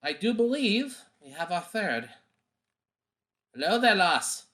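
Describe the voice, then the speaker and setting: A man playing a tabletop game, calmly describing his character's actions with some hesitant fillers. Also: high-pitched, slow. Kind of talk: in-character roleplay.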